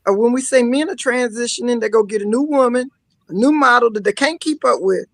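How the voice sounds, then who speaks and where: A woman guest on a live-streamed talk show, telling lively personal stories with frequent laughter and mock-scolding asides. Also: fairly high pitch, brisk, no echo, poor audio. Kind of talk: emotional casual talk-show chat.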